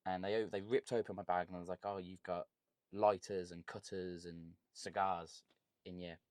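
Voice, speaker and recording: A young man from Birmingham, England, with the local accent, guests on a podcast as a cigar content creator and tells stories in blunt, joking, casual chat. He's a lively storyteller with a low-pitched voice at normal speed, and there's no room sound.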